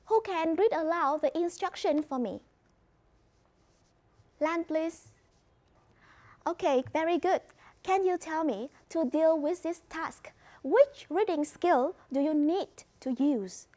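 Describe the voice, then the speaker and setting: A woman with a Vietnamese accent teaching an English reading lesson in a clear, instructive way. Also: sits high, darkish tone. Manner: clear, instructive, mixes in explanations in her first language. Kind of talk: classroom lesson.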